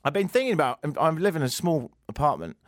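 British male radio host, sarcastic comic monologue, swoops all over his pitch, dry close studio mic. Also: fast, dry recording. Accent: British English. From Britain. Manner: sarcastic, animated, mock-outraged rants. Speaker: radio talk show host. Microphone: studio microphone.

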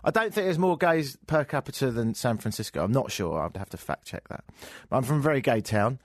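A man's voice: mid-range voice, lively intonation, a little fast, dry recording, studio quality. A man with an English accent hosting a talk radio show, riffing on the news in a sarcastic, joking way. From England. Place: radio studio. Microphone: studio microphone.

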